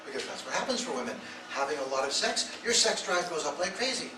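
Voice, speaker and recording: A man's voice: on the high side, very animated, fast, pushed and bright, soft background music. A man giving a blunt, provocative talk to a live audience, telling stories and acting out the voices in them. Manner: storytelling, acts out quoted voices. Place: event hall. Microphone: audience phone camera. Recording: echoey phone recording from far off.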